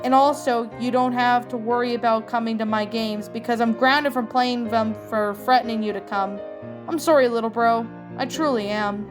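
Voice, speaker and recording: A sporty teenage cartoon girl full of regret, as a woman reads her. her words come slowly and heavily. faint music runs under her. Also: fairly high pitch, steady tone, natural voice. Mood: remorseful. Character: Lynn, sporty teen girl, remorseful. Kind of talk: storybook reading.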